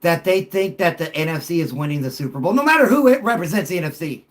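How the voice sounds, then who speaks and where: A middle-aged man hosts a sports talk show with a high, animated voice. He jokes and banters loosely with callers and gets excited easily. His delivery swings between playful and emphatic. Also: fast.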